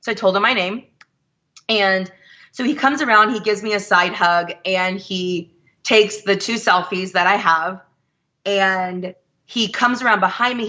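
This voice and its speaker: A woman telling a lively story as a guest, quoting people as she goes. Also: mid-range voice, dull audio. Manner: animated, quotes others in her story. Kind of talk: casual storytelling.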